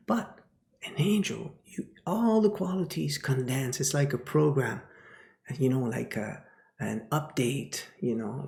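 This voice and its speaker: Male spiritual teacher: unhurried, chant-like repetition, whispered asides, echoey room. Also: medium pitch, vocal fry, darkish tone. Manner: dips to whispers, repeats phrases like a chant. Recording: roomy echo.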